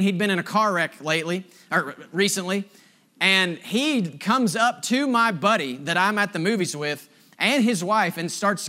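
Bright, high-voiced male pastor preaching. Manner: storytelling, swings from emphatic to hushed and slow. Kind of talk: sermon.

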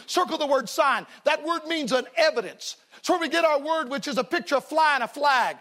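High, bright-voiced folksy preacher man. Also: expressive, brisk, hardly any pauses. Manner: folksy, emphatic, repetitive refrains, addresses congregation. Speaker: evangelist preacher. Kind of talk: revival sermon with storytelling.

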